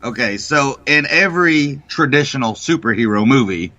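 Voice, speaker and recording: A man co-hosting a casual morning talk show, retelling a story with heavy swearing and lively energy. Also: medium pitch, moderate pace. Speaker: co-host. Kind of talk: profane casual chat. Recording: dull lo-fi sound.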